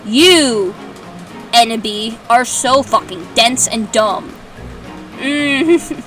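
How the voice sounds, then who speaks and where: A young woman reads fanfiction aloud as a host, mocking the story with sarcastic, swearing remarks in a comedic dramatic reading. She speaks very slowly, fairly high-pitched and fairly bright, with lively intonation. Music runs behind her on a distant mic.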